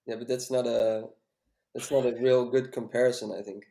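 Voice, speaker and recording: A man's voice: mid-range voice, flat delivery, normal speed, vocal fry, warm tone, reverberant. A man chatting casually on a podcast as a music coach, hesitant and full of fillers.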